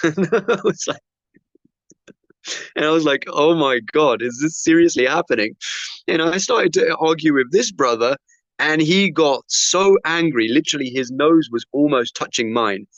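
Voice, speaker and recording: A man's voice: fairly high pitch, a little slow, dry recording. Man, preacher, storytelling sermon, acts out dialogue, dull dry recording. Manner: animated storyteller acting out dialogue. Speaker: Muslim preacher.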